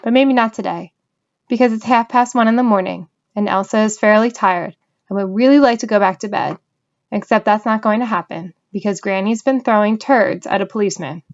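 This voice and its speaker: A woman reading a novel aloud in an even storytelling manner. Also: medium pitch, brisk, highs cut off. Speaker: audiobook reader.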